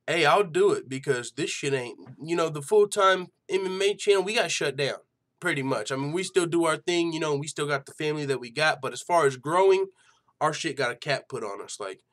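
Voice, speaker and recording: A man's voice: fairly high pitch, moderate pace, fairly bright tone. A man hosting an MMA news channel in casual chat, swearing freely and laughing often. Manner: loose and profane, laughs a lot, lots of fillers.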